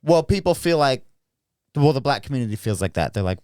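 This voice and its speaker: A man hosting a podcast, talking in blunt casual chat full of swearing and quick restarts. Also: mid-range voice, big pitch swings, darkish tone, clean tone, no room sound, studio quality. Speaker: podcast host.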